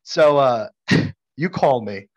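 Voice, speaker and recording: This is a podcast co-host from Brooklyn, New York, swapping a story with friends and breaking into frequent laughter. He speaks slowly with a medium pitch and plenty of lively intonation, though the audio is muffled.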